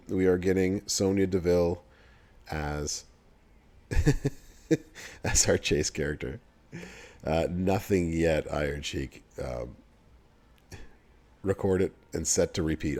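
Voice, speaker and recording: A young man with a low, mellow voice hosts a game livestream in a relaxed, chatty way. He laughs easily and talks straight to his viewers as if answering their messages. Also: unhurried, pauses often. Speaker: livestream host for a mobile game. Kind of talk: casual livestream chat, reading game news to chat.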